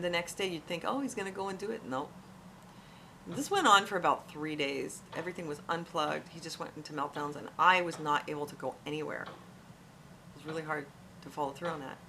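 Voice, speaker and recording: Low-voiced woman giving frank parenting advice. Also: sharp tone, slight background noise. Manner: earnest, frank, repeats words when emphasizing. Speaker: parent vlogger. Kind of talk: casual advice talk to camera.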